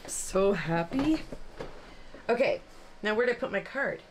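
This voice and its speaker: A woman's voice: mid-range voice, animated, a little slow, long pauses, background noise. A woman hosting a card-making tutorial, chatting casually and rambling with lots of fillers as she works. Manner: chatty, rambling, self-deprecating with frequent fillers. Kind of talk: casual crafting demonstration.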